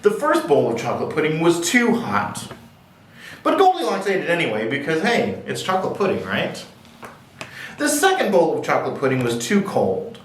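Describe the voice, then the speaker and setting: A man's voice: a little high, huge pitch swings, a little fast, slight background noise. A man reading picture books aloud at a library, with playful, jokey asides. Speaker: library storyteller. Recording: echoey room, distant mic.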